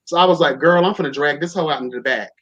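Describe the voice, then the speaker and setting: A man's voice: fairly high pitch, rapid-fire, fairly bright tone, breathy edge. A young man casually telling a story on a talk show, campy and sassy, profane, calling everyone child and honey. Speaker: podcast host. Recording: dull lo-fi sound.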